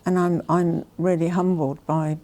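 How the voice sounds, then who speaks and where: A woman vlogger presenting a haul in a casual, gushing and emotional way, often dropping to soft whispers. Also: lowish voice, little pitch movement, unhurried. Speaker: fashion vlogger.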